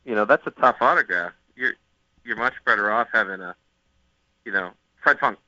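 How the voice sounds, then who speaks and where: A man's voice: lowish voice, moderate pace, bright, forceful tone, no echo, highs cut off. A man on a golf broadcast, casually chatting and telling rambling stories with jokes. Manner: rambling storyteller, joking.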